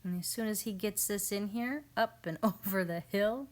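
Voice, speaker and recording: A woman's voice: medium pitch, moderate pace, darkish tone. A woman in her thirties narrating a home garden video in a casual, amused, chatty way, often quoting her family. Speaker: family homestead vlogger.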